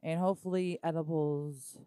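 A woman's voice: sits low, steady tone, normal speed, dark tone, clear, resonant tone, no echo. A woman co-hosting a casual podcast, playful and giggly, repeating the others' lines. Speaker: podcast co-host. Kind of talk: casual crude chat.

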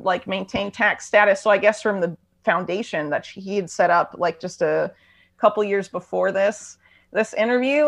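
Woman, gravelly edge, rapid conversational podcast talk, filler-heavy. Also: mid-range voice, fairly bright tone. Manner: rapid, loose talk with many fillers and restarts. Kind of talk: casual conversation.

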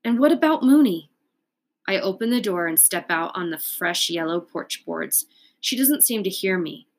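A woman reading a children's book aloud in a calm, unhurried way. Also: fairly low pitch. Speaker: storyteller.

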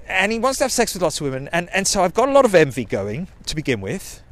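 A man's voice: high voice, wildly swooping pitch, fast talker, a bit bright. A man, telling a rambling personal story in a sweary, self-mocking way. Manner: sweary, self-mocking, digressive, with quoted put-on voices.

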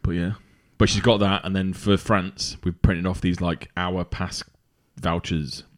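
Man, very low voice, rambling casual podcast chat. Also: little pitch movement, measured pace. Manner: chatty, rambling with fillers. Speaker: podcast co-host.

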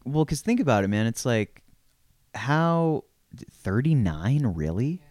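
A man's voice: medium pitch, very animated, slow, darkish tone, dry recording, clean studio sound. A young man co-hosting a casual film podcast, rambling and laid-back, swearing often with lots of fillers. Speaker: podcast co-host.

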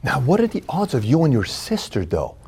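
A man's voice: medium pitch, huge pitch swings, fairly quick, vocal fry, darkish tone, breathy edge. A male interview host in a studio, asking conversational, leading questions.

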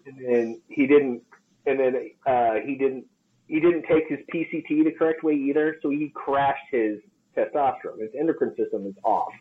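Profane, animated male trainer telling stories. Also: medium pitch, moderate pace, narrow, tinny audio. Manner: profane, animated storyteller who acts out quotes. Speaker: podcast co-host, personal trainer. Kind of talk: casual podcast storytelling.

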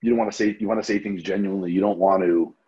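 A restaurant owner with a New Jersey accent appears as a podcast guest in a casual interview chat. His deep, husky voice comes rapid-fire with the highs cut off, and he tells stories animatedly, swearing freely and repeating words.

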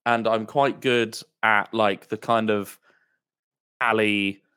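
A man with a slightly low voice talks casually as a podcast guest. He is relaxed and chatty, filling his sentences with "like" and "um" as he goes. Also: takes it slowly, clear, resonant tone. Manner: laid-back, chatty, peppered with "like" and "um". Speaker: guest, tabletop role-play player. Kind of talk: casual chat.

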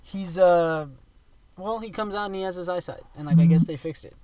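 A young man chatting casually on a podcast in a relaxed, reflective way, with many fillers. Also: sits high, a little fast, no echo, far from the mic. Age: young adult. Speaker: podcast co-host. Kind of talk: casual chat. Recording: faint room noise, set back from mic.

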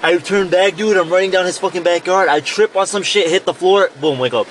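A man's voice: high voice, fast, a little hiss or hum. A young man hosting a podcast from inside a car in the rain, telling a long, rambling, profane story in a casual chat. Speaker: podcast host.

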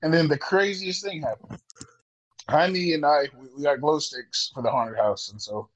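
A man's voice: fairly high pitch, normal speed, poor audio. A young man co-hosting a casual podcast, playful and goofy as he tells a story. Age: young adult. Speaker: podcast co-host.

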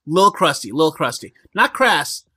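A man's voice: a little high, very animated, moderate pace, sharp tone, dry recording. Rambling man in dry, close podcast chat. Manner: rambling, lots of fillers and restarts. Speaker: podcast guest. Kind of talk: casual chat.

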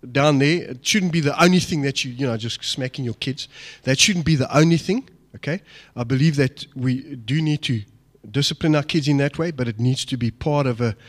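A middle-aged man, giving an emphatic, personal talk to an audience and asking them questions. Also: on the high side. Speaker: speaker addressing an audience. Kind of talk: motivational talk on fatherhood.

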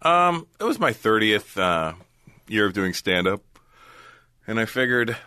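Man, very low voice, bright edge, dry studio sound, middle-aged, sleepy, teasing. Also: big pitch swings, a little slow, clean tone, no echo. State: tired, yawning. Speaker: comedian guest. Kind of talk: casual interview chat.

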